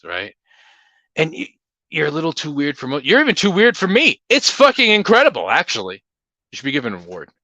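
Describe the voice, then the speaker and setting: A man's voice: mid-range voice, bright, forceful tone, no echo. A man hosting a casual livestream Q&A, talking in a blunt, opinionated, rambling way. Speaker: livestream host.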